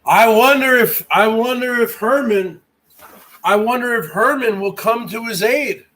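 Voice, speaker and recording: A man's voice: extremely high pitch, unhurried, a bit bright. A man hosting his own livestream, ranting in a brash, mocking way with plenty of swearing. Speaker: livestream host. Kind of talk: boastful rant.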